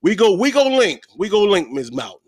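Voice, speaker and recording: A man hosting a podcast interview in a relaxed, slangy way, often repeating his phrases. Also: sits high, fairly quick, husky, no echo, studio quality. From Virginia, USA. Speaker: podcast host. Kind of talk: casual interview chat.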